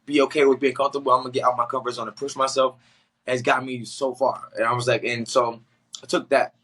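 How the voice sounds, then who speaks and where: A young man from the Boston area, a podcast guest telling a story in casual chat, animated and slangy, acting out the voices of people in his story. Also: medium pitch, fast, slightly rough.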